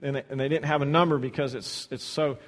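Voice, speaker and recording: A man preaching a sermon, swinging between loud, stretched-out scripture reading and soft, low asides, often repeating words as he restarts. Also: steady tone, fast. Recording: long hall reverb.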